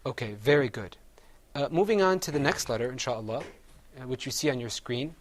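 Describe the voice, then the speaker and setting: A man's voice: medium pitch, animated, normal speed. A man teaching Arabic letter sounds in a class, patiently saying each one and having the group repeat it. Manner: explains mouth positions step by step. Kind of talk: classroom pronunciation drill.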